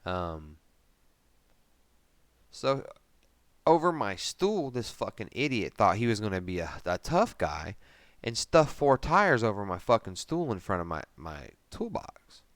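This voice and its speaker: A man's voice: lowish voice, very animated, a little slow, fairly bright tone, dry recording. A man in his thirties, a podcast host, telling a rambling story in casual chat, with constant swearing and filler words.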